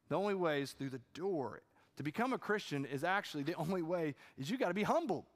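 A man preaching a sermon as pastor, talking conversationally and building into impassioned, repeated lines. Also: on the high side. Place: church auditorium. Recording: church hall with long reverb.

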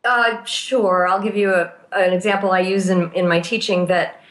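A woman's voice: mid-range voice, steady tone, normal speed, echoey room. A woman who works as a therapist and teaches pastoral care, explaining her ideas thoughtfully in a conversational interview and walking through examples.

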